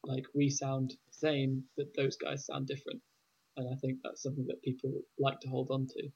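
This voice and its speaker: Man, podcast chat, husky, monotone, measured, muffled lo-fi audio. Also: mid-range voice. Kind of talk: casual chat. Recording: muffled, dull lo-fi sound.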